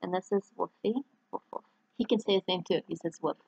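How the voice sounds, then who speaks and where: A woman's voice: medium pitch, quick pace, creaky, a little mellow, husky, no echo, dull audio. A middle-aged woman talking in a rambling, heartfelt personal vlog, getting choked up at times. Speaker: author and dog owner. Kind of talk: personal vlog, showing photos to camera.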